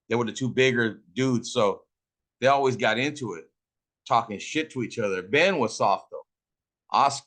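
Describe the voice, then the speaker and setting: A man's voice: mid-range voice, fairly bright tone. A middle-aged man from Fresno, California, telling stories casually while smoking, profane, boastful and full of slang. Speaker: host.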